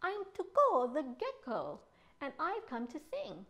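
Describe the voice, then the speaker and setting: A loud, boastful little gecko voiced by a woman bellows his lines in a children's storybook reading. His voice sits high and leaps around as he brags and snaps. The delivery is slow and drawn out. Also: wildly swooping pitch, heavily acted. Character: brash loud male gecko, boastful and snappish.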